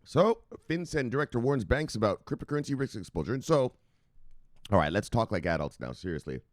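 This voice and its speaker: A man's voice: medium pitch, expressive, fairly quick, no echo. A man hosting a crypto news show in casual, profane commentary, joking and chuckling as he reads and explains stories.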